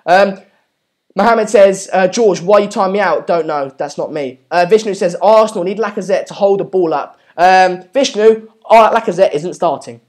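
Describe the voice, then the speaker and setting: A man's voice: high voice, normal speed, a little mellow. A young man hosting a live football watchalong, commentating on play and reading out viewer comments in a chatty way with many ums. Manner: chatty, lots of ums, urges viewers to subscribe. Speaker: live stream watchalong host.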